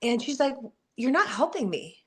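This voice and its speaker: A woman's voice: sits high, big pitch swings, normal speed. A woman in her forties, a guest athlete, answering questions in an earnest, candid motivational talk. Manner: earnest, warm-hearted, frequent "you know" and "like".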